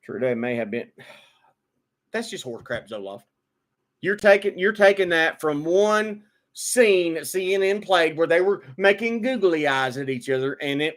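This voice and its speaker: High-voiced man ranting with stammered restarts. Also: animated, measured pace. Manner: repetitive stammering restarts, rising to emphatic outbursts. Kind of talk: opinionated monologue.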